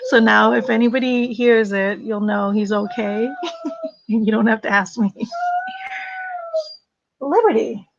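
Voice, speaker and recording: A woman's voice: fairly high pitch, lively intonation, takes it slowly, creaky, pauses often, no room sound, dull audio. A woman hosting a casual livestream, chatty and laughing often. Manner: chatty, laughs often, talks to her dog. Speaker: livestream host.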